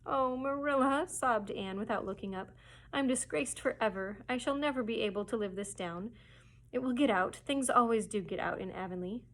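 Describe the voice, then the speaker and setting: A woman's voice: medium pitch, normal speed, a bit bright. A woman voicing an imaginative, dramatic orphan girl who pleads breathlessly. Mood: despairing.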